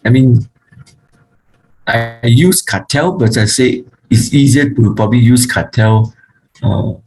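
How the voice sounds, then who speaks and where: A man teaching a grammar lesson, speaking haltingly with frequent fillers and restarts, and slowly reciting word forms one by one. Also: medium pitch, darkish tone, soft background music, low-quality recording. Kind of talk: online Hebrew grammar lesson.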